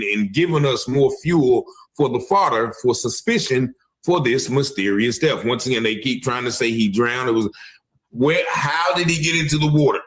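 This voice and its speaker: A man's voice: mid-range voice, a bit bright. Man hosting a speculative online news talk. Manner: speculative, repeats "allegedly" and "once again". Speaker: news show host.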